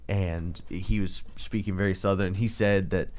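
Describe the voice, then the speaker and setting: A young college man co-hosting a radio show, his voice sitting a little low. He explains things at an easy, relaxed pace, like he's telling a story. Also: measured pace. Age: young adult. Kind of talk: casual radio banter.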